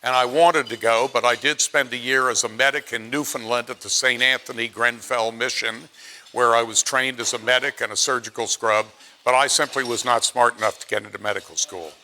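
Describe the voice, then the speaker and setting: A man's voice: medium pitch, steady tone, brisk, sharp tone, slight background noise. A man in his late seventies from Pennsylvania giving a chatty, self-deprecating after-dinner speech and acting out quotes in his stories. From Pennsylvania, USA. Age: 70s.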